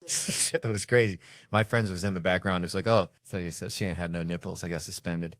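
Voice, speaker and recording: A stand-up comedian tells stories in a brash, profane style, jumping into other people's voices to act them out. His deep voice stays steady and fairly quick, with no echo.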